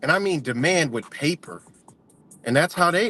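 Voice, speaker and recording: A man's voice: on the high side, lively intonation, normal speed, sharp tone, faint music behind. A man ranting casually, heated, profane and emphatic. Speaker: vlogger.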